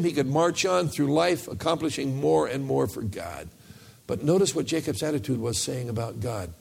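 A man's voice: mid-range voice, a little mellow. A man preaching a sermon to his church in a conversational style, sometimes acting out the voices of people praying. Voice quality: gravelly. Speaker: pastor.

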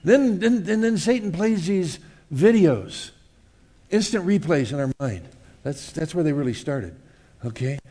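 A man preaching to his congregation in an easy, casual manner. His delivery swings between loud, raised passages and quiet, hushed asides, and he asks the room questions along the way. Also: a little high, measured pace. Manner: animated, swings from loud to hushed, acts out voices. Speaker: pastor. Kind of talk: sermon.

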